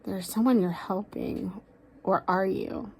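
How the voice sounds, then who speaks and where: A woman's voice: mid-range voice, fairly even intonation, gravelly, slight background noise. Woman giving a casual card reading. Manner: talks aloud to a spirit, sighs and pauses, soft asides. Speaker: tarot card reader. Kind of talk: casual spoken tarot reading.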